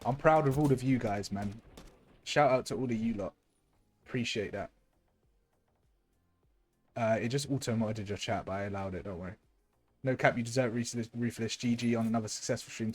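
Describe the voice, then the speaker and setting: A young man, casting a live esports match with lots of energy, who is losing his voice from shouting. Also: on the low side, moderate pace, pauses often. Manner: excitable, shouting thanks to viewers. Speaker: streamer and match caster.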